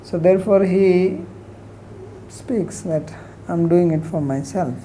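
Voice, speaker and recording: A man gives an unhurried scripture lecture, his mellow, low-key voice fading softly at the ends of phrases. He lifts his pitch when he acts out quoted speech. A faint hum of ambience sits behind him. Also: rough recording. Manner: soft-spoken, voice trails off at phrase ends. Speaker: scripture teacher.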